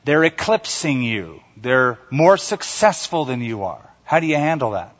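A man's voice: medium pitch, a little slow. Preaching man in a reverberant hall. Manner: animated preaching, acts out quotes and calls for congregation response. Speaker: pastor. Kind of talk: sermon. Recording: dull sound with long hall reverb.

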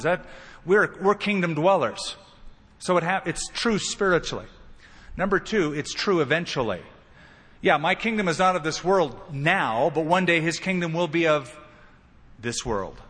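A pastor preaches with emphasis, his fairly high voice jumping up whenever he acts out a quoted line. His words ring through a large hall with a long, trailing reverb. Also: fairly bright tone. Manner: emphatic preaching, acting out quoted lines with rising pitch. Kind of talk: sermon.

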